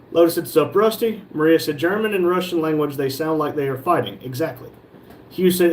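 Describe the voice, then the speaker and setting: Guy reading out chat on a shop livestream, slightly high voice, faint hum behind. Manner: reads comments aloud and jokes back. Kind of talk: casual live chat.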